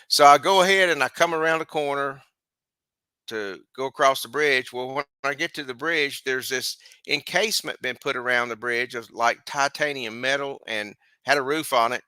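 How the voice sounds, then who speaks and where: A man's voice: medium pitch, moderate pace, sharp tone, clear, resonant tone, no echo. A middle-aged man, rambling through a long story as host of a live stream, restarting phrases and chuckling. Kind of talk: casual storytelling, recounting a dream. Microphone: live stream mic.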